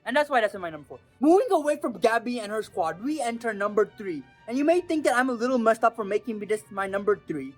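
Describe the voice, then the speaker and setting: A woman talking casually and excitably in a commentary vlog, with slang and swearing, acting out quotes. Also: on the high side, quick pace, hardly any pauses, soft background music. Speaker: anime video creator.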